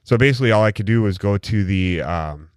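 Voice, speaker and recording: A man's voice: lowish voice, lively intonation, fairly quick, clean tone, no echo. A man from Wisconsin hosting a podcast in casual, crude, joking chat. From Wisconsin, USA. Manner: crude, joking, reads quotes aloud. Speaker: podcast host.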